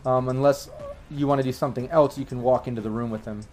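A man running a tabletop game as game master, with a voice of average pitch. He talks in a relaxed, rambling way and fills his sentences with ums and uhs. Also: quick pace, soft background music. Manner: easygoing, rambling, many fillers.

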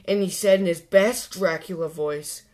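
A woman hosting a children's story channel, reading a picture book aloud clearly and expressively. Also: fairly low pitch, moderate pace, a little mellow.

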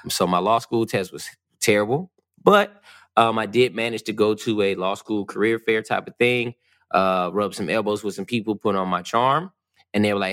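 A man telling a personal story in relaxed casual chat, with many ums and a self-deprecating tone. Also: fairly low pitch, normal speed, no room sound, clean studio sound. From US West Coast.

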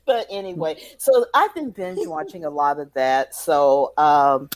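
This woman co-hosts a podcast, and her casual chat is full of lively storytelling, frequent laughter, and acted-out quotes. Her voice is low and her pace a little slow.

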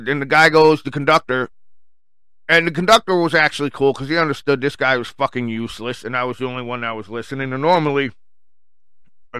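A man's voice: mid-range voice, sharp tone, clear, resonant tone, dry recording. A man telling a story as an angry, mocking, profane rant.

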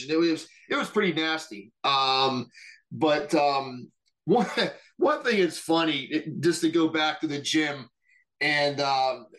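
Profane, animated storytelling man. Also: fairly high pitch. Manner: animated, profane, mimics others in quotes. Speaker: podcast guest. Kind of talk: casual storytelling.

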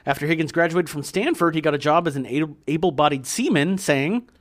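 A man's voice: fairly high pitch, a little fast. A man co-hosting a casual podcast about a film, reading background notes and joking with his co-host. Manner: reads background notes, joking and laughing often.

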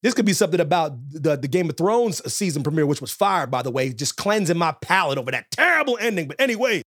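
A man co-hosting a wrestling podcast, ranting with animated energy and frequent repetition. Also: a little high, quick pace, no echo, studio quality. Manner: animated, repeats himself, loud rants. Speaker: podcast co-host.

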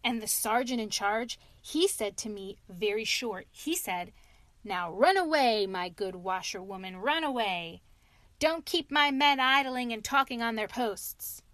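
A woman's voice: medium pitch, measured pace, hardly any pauses, no echo, natural voice. A woman voicing a chatty, gleeful little mole. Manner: lively, chatty storytelling. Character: cheerful, pleased little male mole.

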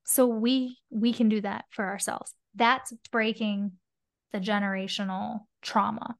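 A woman's voice: mid-range voice, measured pace, gravelly. A woman guest on a podcast talking casually and expressively, swearing now and then. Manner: expressive, swears casually, acts out inner voices. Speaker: podcast guest, spiritual mentor. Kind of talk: casual conversational interview.

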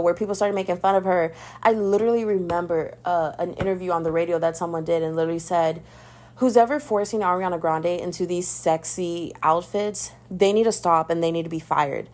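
Exasperated young woman ranting. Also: fairly low pitch. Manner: animated, exasperated, calls listener babes. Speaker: podcast host. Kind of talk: casual ranting commentary.

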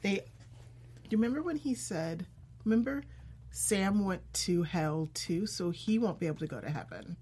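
A woman's voice: mid-range voice, animated, moderate pace, dark tone, breathy edge. A woman co-hosting a casual podcast, talking as an enthusiastic fan and retelling scenes with animation. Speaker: podcast co-host. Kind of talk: casual chat.

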